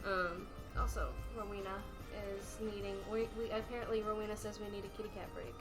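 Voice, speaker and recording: A woman's voice: mid-range voice, flat delivery, a little fast, music in the background. A woman with a Southern US accent, streaming from home and chatting casually, sometimes reading out chat messages. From South Carolina, US. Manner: hesitant, reads out chat messages.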